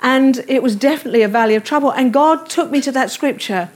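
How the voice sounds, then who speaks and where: A woman's voice: sits high, fast talker. A middle-aged woman preaching a sermon, earnest and tender as she reads and explains scripture.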